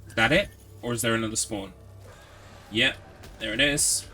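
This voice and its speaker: Male streamer, chatty and sarcastic, sweary, bright tone. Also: mid-range voice, normal speed, faint music behind. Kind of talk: casual gameplay commentary.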